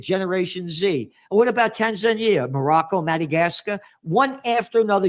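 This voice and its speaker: New york guy ranting sarcastic in an interview, kinda high voice for a man, throws out questions he answers himself. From the Bronx, New York. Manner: heated, sarcastic, rhetorical questions. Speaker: trend forecaster guest.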